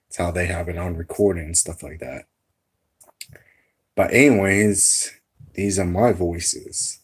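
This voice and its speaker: A man's voice: low voice, steady tone, measured pace, slightly rough. A man talking casually in a vlog, rambling and hesitant with many fillers as he shows off voices and animal noises. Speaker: amateur voice impressionist.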